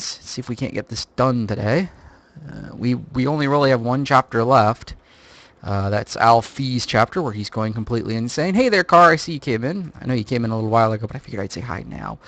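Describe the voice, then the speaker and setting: A man's voice: mid-range voice, fairly bright tone, no echo. A man streaming a game live, chatting casually in a rambling, jokey way and swearing freely. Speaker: livestreamer.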